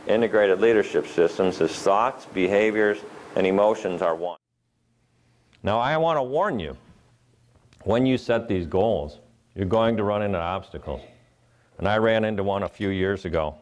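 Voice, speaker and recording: A man's voice: fairly low pitch, moderate pace. A middle-aged man from Ohio giving a live motivational keynote, telling earnest personal stories and acting out the voices in them. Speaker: motivational speaker.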